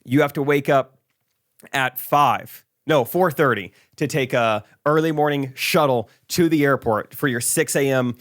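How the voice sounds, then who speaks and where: A podcast host chats casually, telling stories with animation and laughing often. His voice is mid-range and his delivery unhurried.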